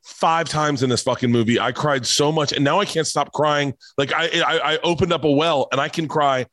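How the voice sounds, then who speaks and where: A man's voice: a little high, moderate pace, a bit bright, no room sound. Rambling, profane middle-aged man. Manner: rambling, profane, gets emotional and choked up. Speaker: comedian guest on a podcast. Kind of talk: casual storytelling chat.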